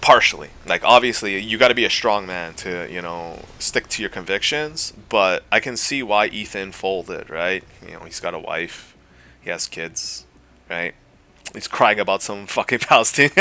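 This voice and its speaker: A man ranting on his own video channel, profane and mocking, with rambling fillers, swinging from loud jeers to low mutters. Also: animated, normal speed, no room sound. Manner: rambling with frequent fillers and laughs. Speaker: YouTube commentator. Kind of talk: unscripted solo rant.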